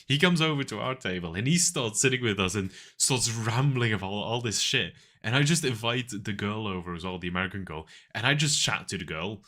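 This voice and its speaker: A man's voice: on the low side, a bit bright. A man streaming and chatting casually with viewers, rambling through stories and laughing often.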